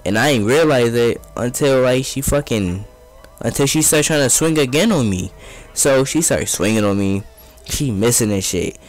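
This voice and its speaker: A man's voice: medium pitch, lively intonation, normal speed, soft background music. A young man casually telling a story over gameplay, rambling in profane street slang.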